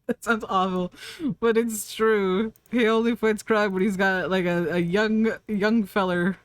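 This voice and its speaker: A woman's voice: medium pitch, steady tone, slow, no room sound. A woman streamer chatting casually while she draws, rambling from thought to thought, laughing often and answering her chat.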